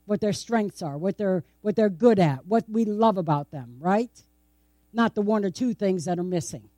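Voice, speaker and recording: A woman's voice: medium pitch, animated, moderate pace, warm tone, no echo, clean studio sound. A woman preaching a sermon in a conversational, playful way, tossing out rhetorical questions and laughing often. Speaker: pastor. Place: church.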